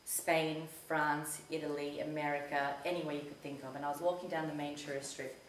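A woman telling a personal story in a casual talk to an audience, chatty and animated when she quotes herself. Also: deep voice, fairly quick, a little hiss or hum. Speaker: community talk speaker. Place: community centre hall. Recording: echoey hall recorded from a distance.

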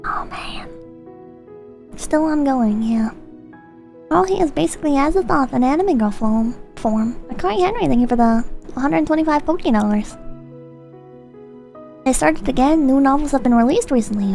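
A woman with a high voice reads viewer messages in a hushed ASMR delivery, close to the microphone. Her reading swings between mock-solemn and irreverent, with plenty of swearing. Faint music plays quietly behind her. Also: expressive, normal speed, gravelly, pauses often. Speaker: streamer host.

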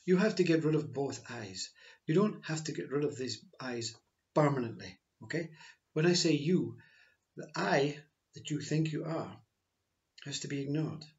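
A man giving a slow, reflective spiritual talk, repeating his phrases as he teaches. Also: a little high, lively intonation, darkish tone, muffled recording. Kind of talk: spiritual monologue.

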